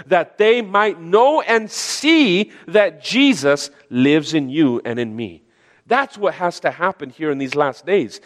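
A man preaching a sermon with earnest emphasis, repeating key phrases and restarting often. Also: fairly high pitch. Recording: long reverb of a large hall.

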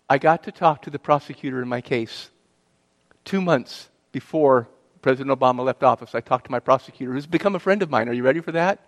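A middle-aged man speaks fast in a mid-range voice, giving an earnest personal testimony as a guest speaker. He tells his story and poses questions to the audience, with a long hall reverb on the recording.

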